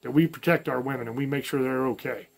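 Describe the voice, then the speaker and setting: A man from the mountains of the American South, with a light Southern accent, gives a blunt, folksy opinion monologue as a channel host, packed with slang and profanity. His mid-range voice is gravelly and he talks fast.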